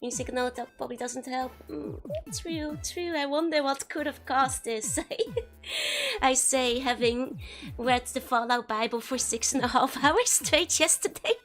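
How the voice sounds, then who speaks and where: A woman with a high voice and a Dutch accent chats with her stream, bubbly and quick to laugh. Her voice is hoarse and a little cracked from being sick. Faint music plays underneath. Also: expressive, a bit bright. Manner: bubbly, laughs often, greets chat by name. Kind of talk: casual live-stream chat.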